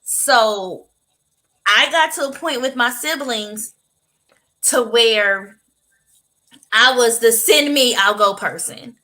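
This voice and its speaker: Female co-host, bright slightly high voice, emphatic casual storyteller. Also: slow, long pauses, rough recording. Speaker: podcast co-host. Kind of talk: casual chat.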